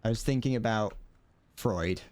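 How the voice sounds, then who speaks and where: A man's voice: lowish voice, moderate pace, darkish tone. A young man chatting casually to his viewers while playing, swearing and laughing as he goes. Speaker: streamer. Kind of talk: casual gameplay commentary.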